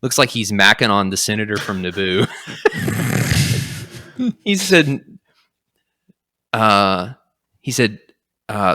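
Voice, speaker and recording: A young man hosting a podcast, casually retelling a comic story and acting out its lines in quick quotes. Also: fairly low pitch, expressive, bright, forceful tone. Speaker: podcast host.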